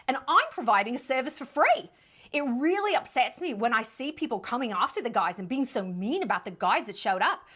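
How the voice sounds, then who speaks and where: A woman's voice: high voice, a bit bright, exaggerated voice. A woman imitating a breezy, defiant young Australian woman, with a put-on Australian accent.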